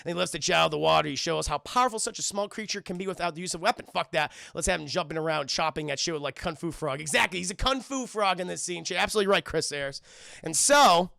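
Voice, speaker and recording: Brief: high, bright, gravelly male streamer, profane and animated, breaking down a film for chat. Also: fast talker, no room sound, studio quality. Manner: animated, profane, acts out scenes. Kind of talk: livestream film review chatting with viewers.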